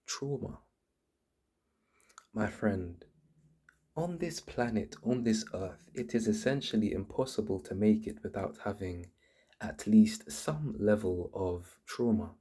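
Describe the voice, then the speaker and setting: A man with a low, slightly husky voice hosts his channel in a casual monologue. He explains earnestly, often stumbling and restarting his sentences as he goes. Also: dark tone. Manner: earnest, frequent restarts and repeated words. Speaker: channel host.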